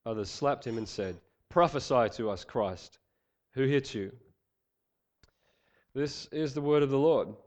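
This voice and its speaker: A man's voice: medium pitch, a little mellow. Man with a head cold preaching. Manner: earnest, measured, some fillers. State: head cold, slightly nasal. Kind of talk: sermon with prayer and scripture reading.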